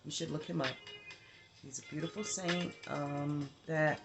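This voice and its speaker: A woman's voice: sits low, steady tone, a little slow. A woman giving a casual spiritual message as a healer and advisor, chatty and meandering with lots of asides. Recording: guitar music playing clearly behind. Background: guitar music.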